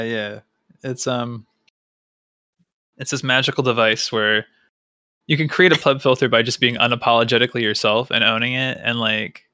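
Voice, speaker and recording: A man's voice: medium pitch, bright, forceful tone, clean tone, no echo, studio quality. A man guesting on a podcast, talking in a laid-back, enthusiastic way and swearing casually. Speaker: podcast guest, music producer. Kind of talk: casual chat.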